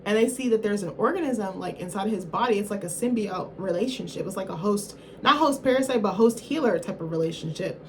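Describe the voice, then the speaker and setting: A woman's voice: mid-range voice, brisk, hardly any pauses, a little mellow, slight background noise. A woman reviewer giving a casual film recap in a rambling, slangy, profane way, often correcting herself mid-thought.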